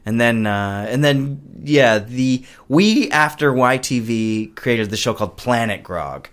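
A man's voice: mid-range voice, a little slow, a bit bright, clean tone. A man being interviewed about his puppet shows, chatting casually and rambling, often trailing off mid-sentence. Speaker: guest, puppet show creator.

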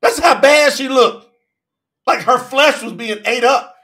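A man's voice: extremely high pitch, unhurried, pushed and bright. A male preacher delivering a sermon in an emphatic, colloquial way, often asking the congregation direct questions.

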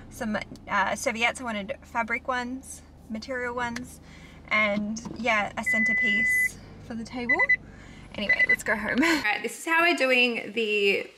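A woman's voice: on the high side, big pitch swings, normal speed. A young Australian woman chatting casually and upbeat to the camera in a vlog. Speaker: vlogger. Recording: clear background noise.

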